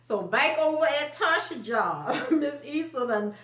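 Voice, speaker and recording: A woman's voice: high-pitched, animated, measured pace, fairly bright tone. A woman talks through a TV episode recap in loose, chatty fashion, breaking into laughs and bumping her voice up when she quotes the characters. She sits some way from the mic, and the room around her rings with echo. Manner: chatty, laughs often, acts out quotes in a raised voice. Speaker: TV recap vlogger. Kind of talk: casual recap talk. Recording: roomy echo, mic at a distance.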